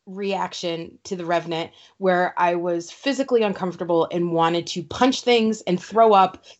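A woman chatting casually as co-host, telling stories emphatically and with lively feeling. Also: lowish voice, normal speed. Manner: animated, emphatic storyteller. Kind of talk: casual chat. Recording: slightly dull lo-fi sound.

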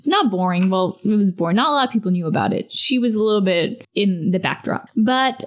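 A woman's voice: mid-range voice, expressive, a little fast. A woman talks through old racing history in a loose, chatty way. She slips into little quoted voices for the people in the story and laughs easily. Her voice sits in the middle range. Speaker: podcast co-host. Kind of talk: casual history chat.

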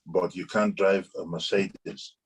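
A man's voice: deep voice, steady tone, slow pace. A man, an airline pilot, explaining things patiently in a casual interview, with frequent restarts.

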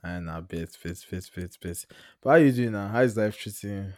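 A man's voice: fairly low pitch, a little fast, darkish tone, no room sound. Teasing young man in dry close sound. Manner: teasing, mock-combative banter. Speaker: podcast co-host. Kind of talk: casual chat.

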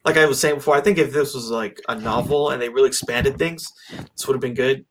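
A man's voice: mid-range voice, fast. A man in casual conversation about a film, rambling with lots of fillers and restarts. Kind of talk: casual movie discussion.

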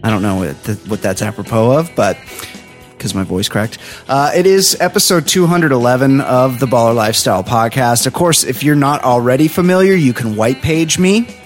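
A man hosting a podcast, rambling through casual stories and doing quick voices for his friends. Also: medium pitch, expressive, soft background music. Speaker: podcast host. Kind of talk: casual chat.

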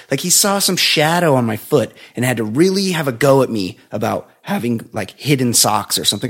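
A man co-hosting a podcast, telling a long rambling story in casual chat and dropping into a low flat voice to mimic others. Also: brisk, few pauses, breathy edge. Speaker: podcast co-host.

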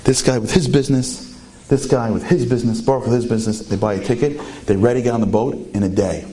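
A man telling a story in a sermon, animated and full of rhetorical questions. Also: medium pitch, fast talker.

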